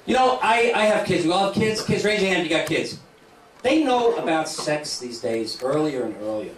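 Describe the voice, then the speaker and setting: A middle-aged man doing a stand-up comedy set in a club, with a brash, punchy delivery and quick asides to the crowd. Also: on the high side, very animated. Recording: echoey club room, distant mic, crowd noise. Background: audience laughter.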